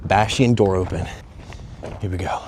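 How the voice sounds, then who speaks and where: A young man filming a casual walking travel vlog, talking straight to viewers in a joking, excitable way with plenty of swearing, out of breath as he goes. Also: low voice, moderate pace, background noise. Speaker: travel vlogger. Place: outdoors and in stone tunnels of a sea fortress. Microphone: phone on a selfie stick.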